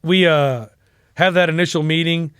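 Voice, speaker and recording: Animated, profane storytelling man. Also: a little high, normal speed, clean tone, no room sound, clean studio sound. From United States. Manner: animated, profane, acts out quotes. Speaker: interview guest. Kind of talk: casual storytelling interview.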